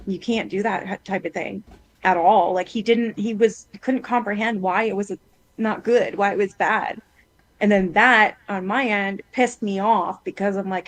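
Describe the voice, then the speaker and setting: A woman chatting casually with a friend, blunt and foul-mouthed. She retells what her son said in her own ordinary voice, which sits at a middle pitch. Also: fairly even intonation, moderate pace, low-quality recording. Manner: blunt, swears freely, retells her son's words. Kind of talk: casual chat.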